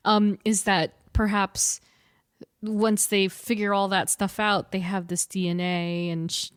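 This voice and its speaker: Animated woman chatting, dry close sound. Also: medium pitch, a little slow, smooth, no echo. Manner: animated, laughs often, acts out quotes with loud outbursts. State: short on sleep. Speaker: podcast co-host. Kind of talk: casual chat.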